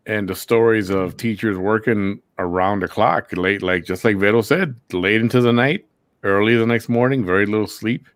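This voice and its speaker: Easygoing male host, low voice, dry close sound. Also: normal speed, no echo. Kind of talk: casual podcast chat.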